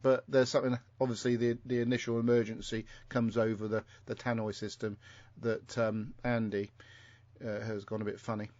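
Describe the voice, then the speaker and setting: A man's voice: lowish voice, flat delivery, moderate pace, a little mellow, no echo. A man hosting a casual podcast chat, rambling through a story with many ums and restarts. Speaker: podcast host. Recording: dull lo-fi sound.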